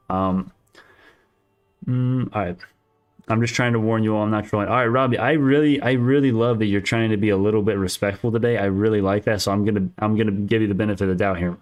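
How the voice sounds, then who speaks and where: A man with a fairly low voice runs a casual stock market livestream, reading and answering chat. He argues his points heatedly and keeps restarting his sentences. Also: a little mellow. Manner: argumentative, restarts sentences often.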